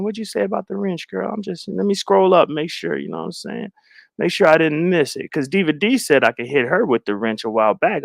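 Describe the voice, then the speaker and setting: A man's voice: a little high, vocal fry, a bit bright, no room sound. Chatty man hosting a live stream. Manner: rambling, self-mocking, repeats phrases. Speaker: livestream host. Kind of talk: casual live-stream chat.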